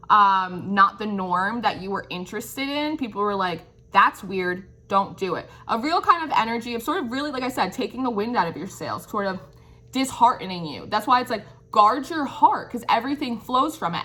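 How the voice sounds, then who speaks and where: A woman's voice: fairly high pitch, a bit bright. A woman giving an intuitive tarot reading. She muses and searches for words, often checks in with "right?", and speaks in an encouraging, affirming way. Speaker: tarot reader.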